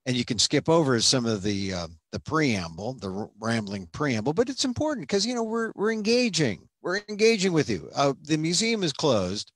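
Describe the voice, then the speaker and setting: A man's voice: mid-range voice, very animated, moderate pace, hardly any pauses, husky, no echo. A man hosting a casual livestream as a museum director, chatty and rambling, with many fillers and restarts. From United States.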